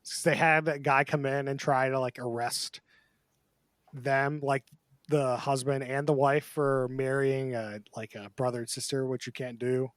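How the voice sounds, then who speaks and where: A man's voice: medium pitch, level tone, a little slow, dry recording, studio quality. A man co-hosting a casual podcast chat, talking loosely and acting out quotes in put-on voices. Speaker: podcast co-host.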